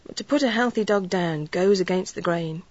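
A woman narrating a story in an earnest, measured storytelling way. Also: fairly low pitch, a little mellow, no echo, highs cut off. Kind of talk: audiobook narration.

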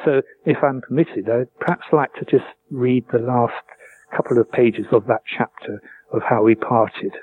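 An older man, a vet and author, telling stories and reading aloud from his memoir in a measured, reflective way. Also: medium pitch, slightly rough. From England. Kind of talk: interview with a book reading. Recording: tinny phone line with faint hum.

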